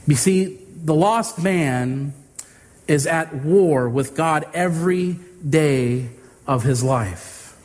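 A male pastor giving a sermon with earnest, drawn-out emphasis. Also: a little high, darkish tone. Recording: reverberant hall with faint ambience.

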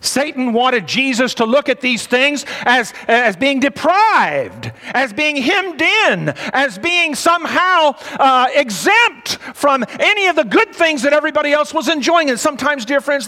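Man, high-pitched voice, sermon, emphatic preaching, repeated phrases, long hall reverb. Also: expressive, normal speed, hardly any pauses, pushed and bright.

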